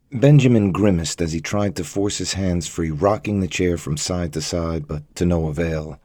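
Guy reading a thriller audiobook, super deep voice, steady measured delivery, dry close sound. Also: dry recording. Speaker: audiobook narrator. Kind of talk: scripted story narration.

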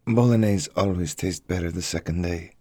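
A man voicing a menacing, resentful male betrayer who speaks low and controlled with quiet bitterness. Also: normal speed, no echo. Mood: casual.

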